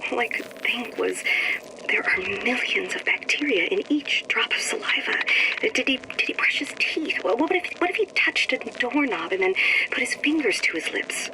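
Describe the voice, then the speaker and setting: A woman voicing an anxious young woman in a game audio log, fretting over germs in a breathy half-whisper. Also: on the high side, animated, normal speed, noisy background, close to an everyday voice.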